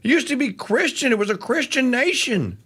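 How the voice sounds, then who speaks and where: A man hosting a political talk radio show, delivering a fiery monologue that swings between low mutters and shouts. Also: animated, fairly quick, breathy edge. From Louisiana.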